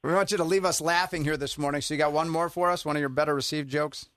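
A man's voice: fairly high pitch, steady tone, fast talker, a bit bright, no echo, clean studio sound. A male radio host interviewing a guest in a casual, chatty way.

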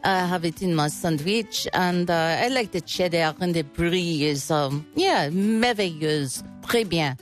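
A woman's voice: on the low side, unhurried, hardly any pauses, faint music behind, voice pushed down, close to an everyday voice. Woman doing a playful French accent.

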